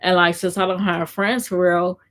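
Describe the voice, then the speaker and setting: A woman's voice: on the low side, level tone, moderate pace, a bit bright. A woman vlogger in casual live-stream chat, rambling and repeating herself with lots of fillers. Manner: rambling and repetitive, heavy fillers.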